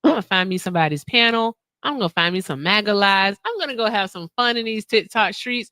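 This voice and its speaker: A woman's voice: mid-range voice, expressive, fast, few pauses, bright, forceful tone, dry recording, studio quality. A woman hosting a casual livestream chat, blunt and emphatic, repeating her points. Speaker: livestream host.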